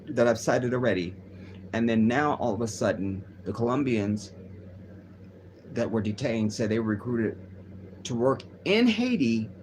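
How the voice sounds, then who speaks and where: A man's voice: mid-range voice, a little hiss or hum. Rambling man hosting a livestream. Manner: rambling, reading news aloud and riffing, profane. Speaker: livestream host. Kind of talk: casual livestream commentary.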